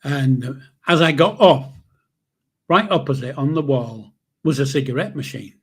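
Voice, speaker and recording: Husky older Yorkshire man telling stories. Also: mid-range voice, measured pace. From Yorkshire, England. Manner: rambling, swears casually, many restarts. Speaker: channel host. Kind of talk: casual storytelling of memories.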